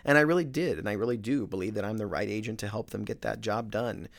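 Gravelly-voiced man telling a story. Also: on the low side, quick pace. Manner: animated, self-mocking, with many fillers and restarts. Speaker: real estate agent. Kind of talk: casual storytelling.

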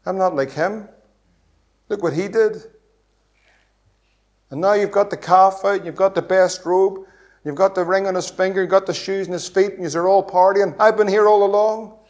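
A man's voice: sits high, steady tone, moderate pace, pauses often, darkish tone, lightly acted. A man preaching, voicing the resentful elder brother of a parable as he complains in a grumbling, self-righteous way.

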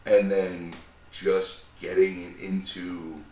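A man in his thirties, a podcast co-host, telling a profane, animated story with acted-out quotes. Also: low voice, drawn-out words, distant mic. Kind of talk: casual storytelling chat. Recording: roomy sound, a bit off-mic.

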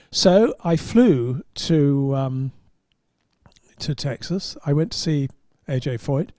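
A man, a podcast host and motoring journalist, telling an anecdote in an animated way and chuckling at his own punchlines. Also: a little high, slow, no echo, clean studio sound. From England. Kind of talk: anecdotal storytelling.

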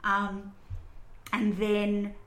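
Her mid-range voice stays completely flat and moves very slowly as she recaps a movie's plot scene by scene for her podcast. It's still a chatty, casual storytelling recap with fillers, captured in an echoey room.

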